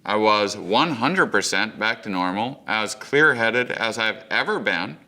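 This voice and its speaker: A man telling a comic story, animated and acting out the voices, jumping high when he plays his own panic. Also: measured pace. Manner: animated, acts out voices, big pitch jumps for panic. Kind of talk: comedic storytelling.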